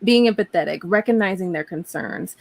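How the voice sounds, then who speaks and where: Woman in a casual conversation, mid-pitched, earnest and emphatic. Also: brisk, creaky, dry recording. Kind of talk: casual chat.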